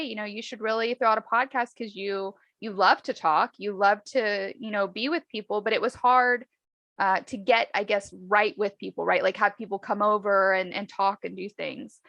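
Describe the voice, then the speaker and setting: A woman chatting casually about her own life, acting out the people in her stories with lively voices. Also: medium pitch, moderate pace, vocal fry, no room sound. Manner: animated, acts out dialogue in lively voices. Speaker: podcast host, guest. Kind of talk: casual storytelling chat.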